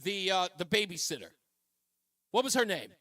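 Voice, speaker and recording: A male talk radio host takes calls, with lots of quick, lively reactions. His voice sits high and bright. The studio sound is close and dry. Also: no room sound. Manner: energetic, quick agreeing interjections.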